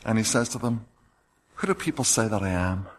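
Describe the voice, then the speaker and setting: A man's voice: fairly low pitch, animated, a little fast, slight background noise. A man preaching a sermon, reading scripture passages aloud with rising emphasis.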